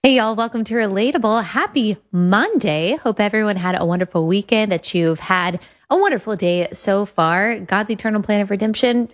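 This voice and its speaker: Podcast host, woman, earnest and emphatic delivery, mid-pitched voice. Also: moderate pace, few pauses. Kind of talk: podcast talk on faith.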